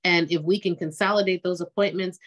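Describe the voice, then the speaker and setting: A woman's voice: fairly low pitch, fairly even intonation, brisk, fairly bright tone. A woman doctor on a talk show panel, speaking earnestly and conversationally about patient care. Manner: earnest, conversational, repeats words when starting. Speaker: breast cancer doctor.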